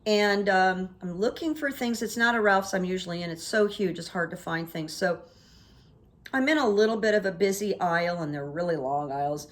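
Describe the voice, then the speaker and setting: A woman's voice: fairly low pitch, normal speed. A woman hosting her own vlog, telling everyday anecdotes in a chatty, casual way and acting out what people said. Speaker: vlog host. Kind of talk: casual storytelling monologue.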